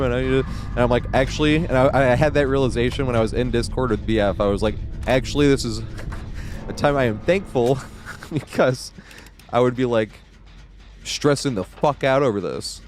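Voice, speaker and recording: A man's voice: medium pitch, brisk, darkish tone, slight background noise. A young man streaming a video game, chatting casually and rambling, laughing often and swearing freely. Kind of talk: casual gaming stream chat.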